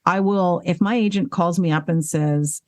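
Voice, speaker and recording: A woman with a fairly low voice talks candidly about her voice work as an interview guest. She is animated, swears freely and laughs at herself, and hiccups keep breaking into her speech. The sound is dry and close. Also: normal speed, no echo. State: hiccuping and burping. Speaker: voice actress and singer, guest. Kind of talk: casual interview conversation.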